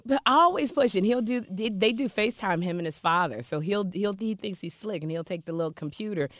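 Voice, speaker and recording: A woman co-hosting a casual talk show, telling stories with lively acted-out voices. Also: mid-range voice, brisk, dry recording, studio quality. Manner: animated storyteller, acts out quoted voices. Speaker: co-host. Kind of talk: casual chat.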